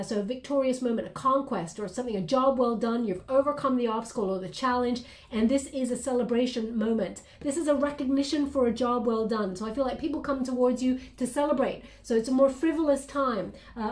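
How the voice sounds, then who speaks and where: A woman with a fairly high voice gives a casual tarot reading straight to camera. She talks in an encouraging, reassuring way, stopping often with fillers and starting sentences over. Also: fairly quick, few pauses. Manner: warm, encouraging, many fillers and restarts. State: briefly emotional. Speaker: tarot reader.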